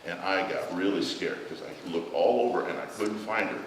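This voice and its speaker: Brief: lower-voiced man, children's story time in church, heard from afar in a big echoey hall with room noise. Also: moderate pace, far from the mic. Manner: gentle storytelling to children, asking questions. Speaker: church children's message leader.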